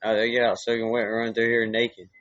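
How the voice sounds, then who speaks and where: A man's voice: mid-range voice, completely flat delivery, fast talker, fairly bright tone, dry recording. A middle-aged man with a Southern US accent, a podcast host in casual chat, laid-back and swearing a lot. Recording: dull, muffled dry recording.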